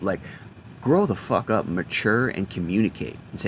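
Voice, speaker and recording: A man's voice: low voice, moderate pace, a little hiss or hum. A man delivering a blunt, profane ranting monologue, often restarting and repeating himself. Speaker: video commentator.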